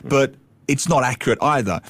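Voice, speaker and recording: A man co-hosting a casual radio chat, playful and animated, slipping into mimicked voices. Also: medium pitch, normal speed, slightly rough, dry recording. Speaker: radio co-host, language commentator.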